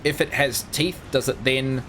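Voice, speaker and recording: A man's voice: medium pitch, fairly even intonation, normal speed, pushed and bright, a little hiss or hum. A man streaming a video game, rambling through crude jokes in casual commentary.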